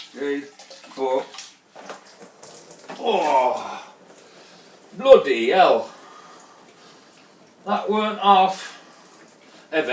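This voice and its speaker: Sweary home brewer, roomy and distant. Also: male voice, medium pitch. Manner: chatty, sweary, prone to exclamations. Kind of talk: casual brew-day vlog commentary. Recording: roomy, distant mic, faint background noise.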